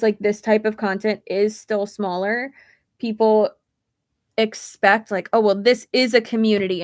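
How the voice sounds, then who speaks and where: A woman's voice: a little high, gravelly, dry recording, studio quality. A young woman creator ranting in a casual livestream, blunt and rambling, swearing freely. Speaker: YouTube creator.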